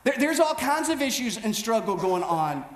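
A man preaching a storytelling sermon as pastor, animated and self-mocking, with many quick restarts. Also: very high voice. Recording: echoey room with faint background noise.

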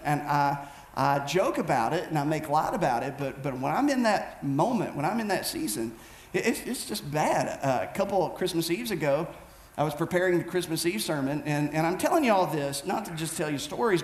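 High-voiced pastor in an echoey hall. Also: male voice. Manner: animated and self-mocking, with many quick restarts. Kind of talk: storytelling sermon. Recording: echoey room with faint background noise.

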